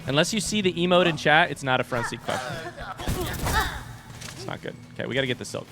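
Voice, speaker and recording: A man from the US East Coast with an East Coast accent, giving live commentary while playing a game and thinking out loud as he goes. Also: a little high, animated, quick pace, over music. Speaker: streamer.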